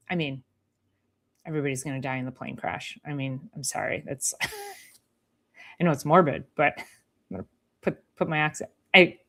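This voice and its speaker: Chatty animated woman chiropractor. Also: on the low side. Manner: animated, chatty, mimics patients with sing-song la-la sounds. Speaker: chiropractor hosting a weekly live health show. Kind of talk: casual live-stream talk.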